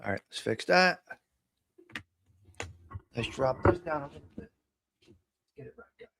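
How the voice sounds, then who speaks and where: A man from New Jersey hosting a casual morning livestream chat, loud and animated, swearing and teasing. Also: medium pitch, unhurried, vocal fry, a little hiss or hum. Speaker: livestream host.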